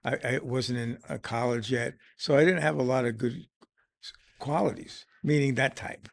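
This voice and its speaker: Gravelly older man, plain-spoken. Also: mid-range voice, fairly even intonation, normal speed, dry recording. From Brooklyn, New York. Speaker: guest, Vietnam veteran. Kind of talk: casual interview.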